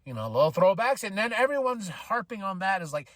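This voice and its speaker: A man's voice: high voice, fairly quick, no echo. A man hosting a podcast, casually recapping a wrestling show, acting out what the wrestlers say with laughs and the odd swear. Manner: animated, acts out quotes with laughs and profanity.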